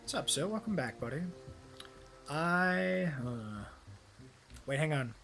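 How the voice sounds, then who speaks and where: A man with a slightly high voice rambles through a game stream, swearing freely. He drifts from joke to joke and gets easily delighted. Faint music hums behind him. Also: animated, takes it slowly, vocal fry. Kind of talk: casual live-stream commentary.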